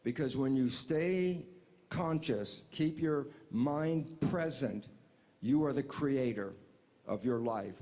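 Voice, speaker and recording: A man being interviewed, explaining ideas in an animated way and acting out little dialogues. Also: mid-range voice, takes it slowly. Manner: animated, acts out dialogues in quotes. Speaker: interview guest.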